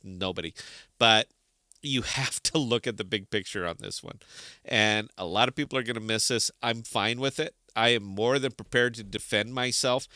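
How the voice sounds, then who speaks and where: A man's voice: mid-range voice, no room sound. Guy from iowa cohosting a stream, jokey and ranty, dry close mic. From Des Moines, Iowa. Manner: joking, animated, trails off into rants. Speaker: podcast co-host. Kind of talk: casual livestream chat.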